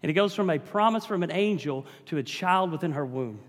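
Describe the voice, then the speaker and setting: A man preaching a sermon in a church, his voice sitting a little higher than most men's. He builds emphasis and calls out to the congregation as he goes. The sound rings with the long reverb of a large hall. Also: animated, brisk.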